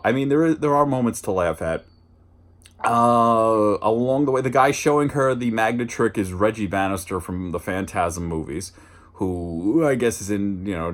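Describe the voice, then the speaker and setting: A man hosting a casual movie review, rambling and chatty, with restarts and dry asides. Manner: jumps higher and louder when mimicking lines.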